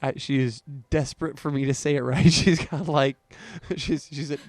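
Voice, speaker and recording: Male sidekick on a live stream, gravelly, heckling banter, dry close sound. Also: medium pitch, fairly even intonation, normal speed, dry recording. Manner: teasing, dry humor, laughing. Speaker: co-host.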